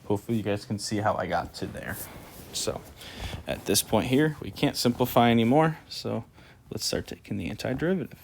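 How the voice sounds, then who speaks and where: A man's voice: on the low side, lively intonation, fairly quick, vocal fry, a little hiss or hum. A man teaching calculus in a casual way, talking through each step as he writes, sleepy and yawning. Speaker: math teacher. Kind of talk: screen-recorded math lesson.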